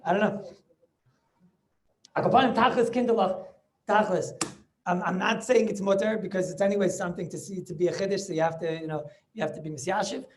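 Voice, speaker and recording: A middle-aged man, a rabbi, giving an informal class over a video call, halting with many restarts and chuckling as he banters with students. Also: sits high, steady tone, darkish tone. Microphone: video call microphone.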